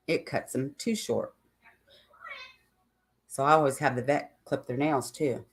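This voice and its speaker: A channel host in casual livestream chat, talking in a rambling, chatty way with many fillers and asides. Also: mid-range voice.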